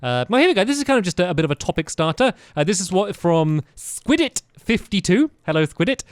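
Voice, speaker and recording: A man's voice: sits high, quick pace, no room sound, studio quality. A man co-hosting a podcast, chatting casually with hesitant restarts. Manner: hesitant, laughs often, lively. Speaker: podcast co-host. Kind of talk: casual chat. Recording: faint music behind.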